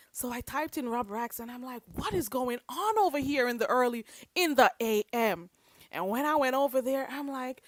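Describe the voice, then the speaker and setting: A woman giving casual livestream commentary, chatty and animated, who greets her chat viewers by name. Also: mid-range voice, no echo. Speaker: YouTube commentator.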